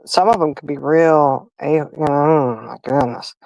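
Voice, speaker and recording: Chatty woman with a lowish voice. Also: moderate pace, vocal fry, a little mellow, no echo, highs cut off. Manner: chatty storyteller, laughing, addresses chat as y'all. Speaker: livestream host. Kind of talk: casual chat.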